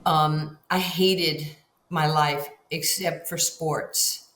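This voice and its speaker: Drawing out her words in a low voice, a New York woman in her sixties tells lively stories as an interview guest, performing the voices of the people she quotes. A roomy echo and faint ambience surround the recording.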